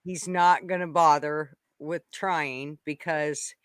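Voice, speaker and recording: A woman's voice: low voice, fairly even intonation, takes it slowly, clean tone, dry recording. A woman co-hosting a casual podcast chat, telling stories with lots of laughter and teasing. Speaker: podcast co-host.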